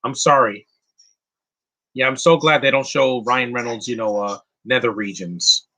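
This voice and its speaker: A man's voice: medium pitch, fairly even intonation, unhurried, bright, forceful tone. A man giving casual live commentary on a movie, answering chat questions bluntly with frequent restarts and fillers. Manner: opinionated, blunt, insulting.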